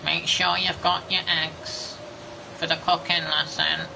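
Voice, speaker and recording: Man doing a female cooking teacher, high, brassy trumpet tone, prim, clipped, background noise. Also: little pitch movement, slow pace, vocal fry, full character voice.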